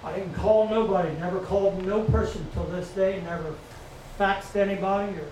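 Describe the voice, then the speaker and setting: A middle-aged pastor with a high voice preaches in a repetitive call-and-response style. He is picked up from a distance in an echoey church, with faint ambient noise behind him. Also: steady tone, moderate pace. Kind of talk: sermon. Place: church sanctuary.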